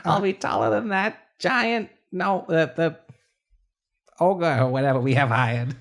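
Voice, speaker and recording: A woman playing in a tabletop game, playful and excitable, laughing often. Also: lowish voice, slow, long pauses. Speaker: player. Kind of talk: tabletop role-play chat.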